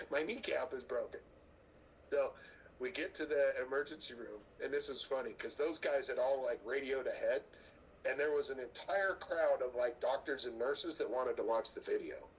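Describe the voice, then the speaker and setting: A middle-aged strongman athlete speaks at medium pitch and moderate pace as a podcast guest, the rough recording carrying slight background noise. In this storytelling chat he animatedly plays out others' lines, swears casually, and laughs along with his own stories.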